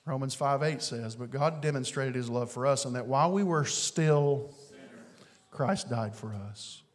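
Slow-preaching man in a reverberant hall. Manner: preaching with big swings from booming to hushed. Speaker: pastor. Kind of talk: sermon.

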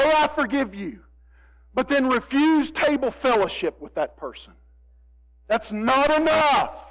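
A man preaching a sermon, moving between hushed, drawn-out lines and emphatic appeals to his congregation. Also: high-pitched, rough recording. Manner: dramatic, swings from hushed to emphatic, addresses congregation. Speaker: pastor.

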